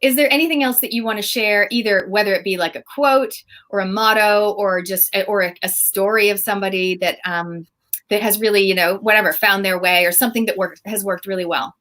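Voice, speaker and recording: A woman's voice: medium pitch, fairly even intonation, a little fast, fairly bright tone. NZ-woman host, video call, gushing, chatty, loose phrasing. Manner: enthusiastic, chatty with many fillers. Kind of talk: casual chat.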